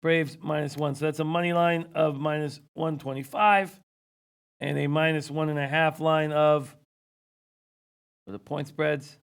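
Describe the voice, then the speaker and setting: A man's voice: a little high, level tone, unhurried, clear, resonant tone. A man hosting a sports betting show, losing his voice, reading viewer comments and rattling off stats. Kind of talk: casual sports betting talk.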